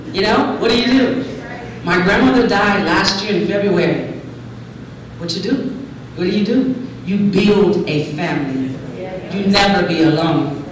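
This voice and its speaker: A woman in her forties from California giving an expressive, preacherly speech at a luncheon, acting out voices as she tells her story. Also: medium pitch, moderate pace, long pauses, a crowd in the background. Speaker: luncheon speaker. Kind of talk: inspirational speech. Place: large hall. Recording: echoey hall from far off, noisy.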